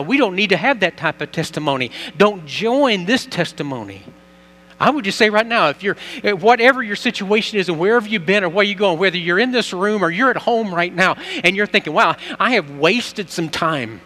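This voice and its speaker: A man's voice: high-pitched, bright, forceful tone. A man preaching a sermon as pastor, telling a story earnestly and building emphasis. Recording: long reverb, faint mains hum.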